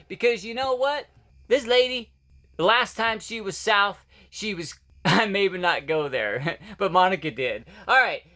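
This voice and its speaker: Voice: medium pitch, fairly bright tone. A vlog host reacting to clips in a casual, mocking way, often laughing.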